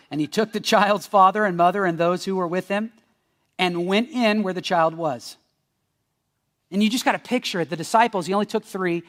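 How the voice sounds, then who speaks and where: A male pastor preaching a sermon in a conversational, joking style, swinging between loud bursts and hushed near-whispers. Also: high-pitched. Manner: joking asides. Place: church.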